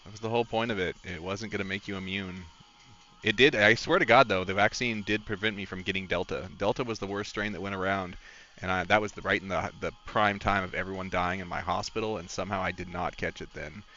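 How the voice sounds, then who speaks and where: A man's voice: low-pitched, steady tone, fast talker, bright, forceful tone, dull audio, faint music behind. A man streaming a game, chatting casually in a rambling, candid and emotional way. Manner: rambling, candid and emotional, talks to his dog. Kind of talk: casual live-stream chat.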